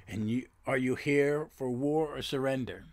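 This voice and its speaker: A man voicing a scheming male servant of a dark lord as he reads a comic aloud, sounding indignant and yelling. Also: medium pitch, moderate pace, lightly acted.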